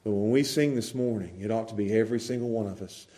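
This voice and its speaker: A man preaching a sermon to his congregation, swinging from loud, animated exclaiming to quiet, close asides. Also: lowish voice, fast talker. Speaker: pastor.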